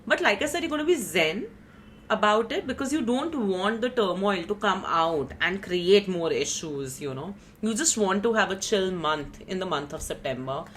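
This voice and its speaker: A woman with a medium-pitched, somewhat bright voice and lively intonation gives a casual tarot reading at a moderate pace. She's chatty and rambling, teases herself, and says "you know" and "like" often, with slight background noise.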